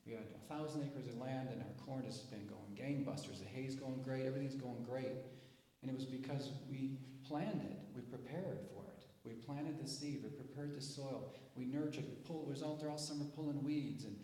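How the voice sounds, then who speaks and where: A man's voice: mid-range voice, moderate pace. Folksy man telling stories in an echoey hall. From grew up on a dairy farm. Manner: folksy, animated, acts out voices in stories. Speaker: inventor and speaker at an inventors' meeting. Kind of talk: storytelling presentation. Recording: echoey hall, live stream.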